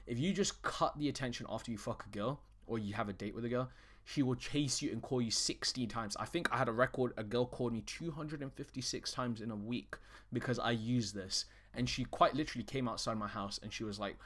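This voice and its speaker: A man's voice: medium pitch, fairly quick, a bit bright. A man coaching on dating in a casual, direct-to-camera talk. He is blunt and swears freely, often restarting his sentences mid-thought.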